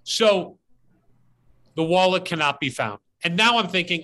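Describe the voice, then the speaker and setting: A man's voice: high voice, expressive, measured pace, pushed and bright. A man hosting a podcast, telling a casual story outdoors and animatedly acting out his own part. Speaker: podcast host. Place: outdoors as rain starts.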